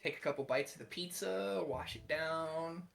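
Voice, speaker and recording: A man's voice: on the high side, normal speed, creaky, fairly bright tone. A man chatting casually with friends, teasing and laughing often. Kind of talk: casual chat.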